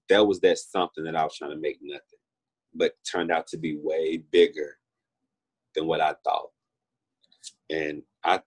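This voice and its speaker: Low, husky-voiced young man. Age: 20s. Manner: earnest, heartfelt, repeats himself often. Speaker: interview guest. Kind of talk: personal testimony in conversation.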